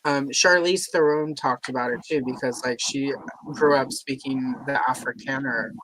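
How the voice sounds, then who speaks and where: A man's voice: mid-range voice, steady tone, moderate pace, a bit bright, slight background noise, rough recording. A man from Louisiana chatting casually on a livestream, with a mostly General American accent and a Southern trace that slips out, rambling through long asides. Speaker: livestream co-host.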